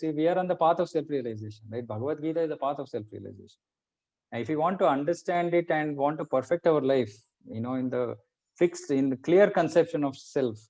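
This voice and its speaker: A man's voice: on the high side, mellow. A man teaching a conversational scripture class. He explains patiently and keeps checking in with his listeners. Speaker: Bhagavad Gita teacher. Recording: muffled lo-fi recording.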